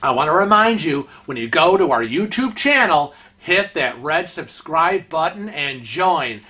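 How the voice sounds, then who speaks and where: A man's voice: fairly high pitch, big pitch swings, unhurried, pushed and bright. A man hosting a vlog segment on cruise etiquette, calling out bad behavior in an indignant, emphatic way. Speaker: vlog host.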